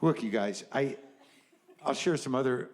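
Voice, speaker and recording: A man's voice: mid-range voice, measured pace, a little mellow. A middle-aged man doing a stand-up comedy set, rambling and self-deprecating, full of nervous "you know" asides. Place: comedy stage before a live audience.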